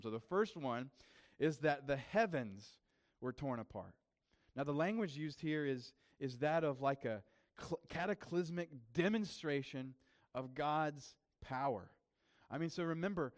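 A man's voice: medium pitch, moderate pace. A man preaching a sermon as pastor, in a casual, conversational way with frequent fillers and restarts.

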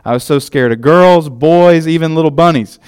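Smooth-voiced man preaching a casual sermon. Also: a little high, normal speed, darkish tone. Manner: conversational, many restarts and fillers.

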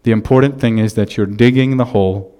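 A man's voice: fairly low pitch, brisk, warm tone, clear, resonant tone, natural voice. A man voicing his small son's earnest advice while telling a story in a sermon. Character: matter-of-fact little boy.

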